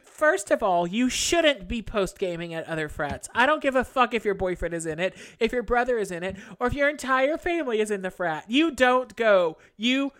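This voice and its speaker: A woman's voice: mid-range voice, expressive, fairly quick, hardly any pauses. A woman reading an angry email aloud in casual chat, acting it out with profanity and breaking into laughter.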